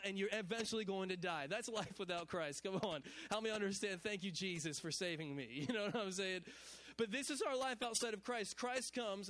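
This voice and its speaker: Male pastor, very high voice, repetitive call-and-response sermon delivery. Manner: repetitive preaching with stammered restarts and call-and-response; animated, builds to shouted exclamations.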